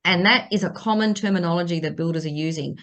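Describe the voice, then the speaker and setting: A middle-aged property lawyer gives legal advice on a podcast, speaking emphatically and stressing and repeating her key points. Her lowish voice is fairly bright, and she talks at a quick pace.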